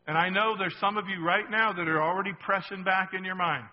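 A man's voice: sits high, steady tone, a little fast, hardly any pauses, big-room sound, highs cut off. A man preaching a sermon as pastor, emphatic and repetitive, often checking in with the congregation.

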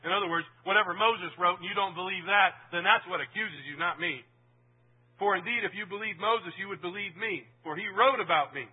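High-voiced husky man preaching over tinny radio. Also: a little fast. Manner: animated, swings from loud emphasis to low asides, asks the audience questions. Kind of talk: sermon.

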